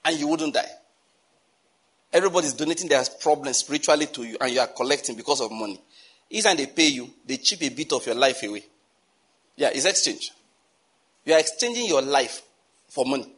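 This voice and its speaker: Nigerian preacher, man, husky and slightly high voice, lively storytelling sermon with pidgin asides. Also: quick pace. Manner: animated, laughing asides, mixes in pidgin.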